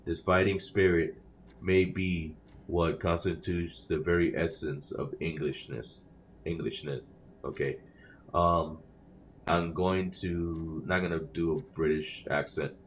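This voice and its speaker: A man with a very deep, level voice reads in-game newspapers aloud at a moderate pace while playing a game on his channel, adding casual remarks. He often stumbles over words and corrects himself mid-sentence, sounding self-conscious about reading aloud. There's a little hiss or hum.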